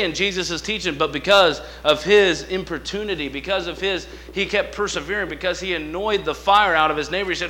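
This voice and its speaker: Impassioned male preacher, bright, with mains hum. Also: high-pitched, brisk, few pauses. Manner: impassioned, swings between shouting and hushed asides; acts out dialogue in different voices. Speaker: guest preacher. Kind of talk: sermon.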